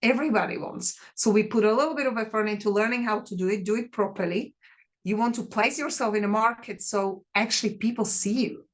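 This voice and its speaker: A woman guest author talks casually about selling books. She speaks in short, simple phrases at a middle pitch. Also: a little fast. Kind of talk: casual chat.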